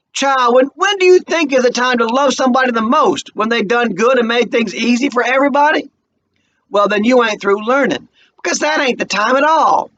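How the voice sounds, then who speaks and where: A man's voice: very high voice, a bit bright, highs cut off, pitched above the performer's own voice. A man doing a stern, grave old mother. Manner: slow, weighty, scolding. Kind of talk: dramatic play reading.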